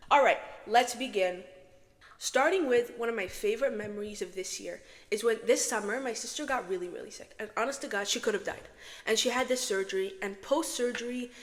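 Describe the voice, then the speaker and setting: A young woman from Morocco chatting dramatically to camera as a vlogger, with a strong echo effect on her voice. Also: fairly high pitch. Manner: chatty, dramatic, self-talking. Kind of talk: casual chat vlog. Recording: echoey reverb from an echo setting.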